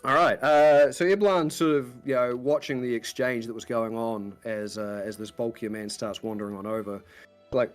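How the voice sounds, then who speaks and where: A man's voice: medium pitch, fairly even intonation, moderate pace, faint music behind. A man narrating a tabletop game as game master, describing scenes in a meandering, detailed way.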